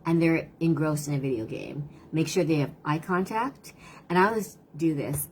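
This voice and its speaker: A middle-aged woman with a low voice talks through parenting tips, earnest and chatty. She often slips into quick acted-out lines of what kids and parents say. A faint hiss sits under the recording. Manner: earnest, lively and talkative, acts out quotes of kids and parents. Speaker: parenting coach hosting a live stream. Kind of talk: casual advice talk to camera.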